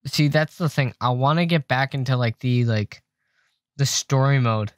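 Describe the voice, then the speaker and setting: A man's voice: mid-range voice, normal speed, no room sound. Young man streaming, joking and swearing. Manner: joking, chatty, swears a lot, gets jumpy when scared. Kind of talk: casual livestream chat while gaming. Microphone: desk microphone.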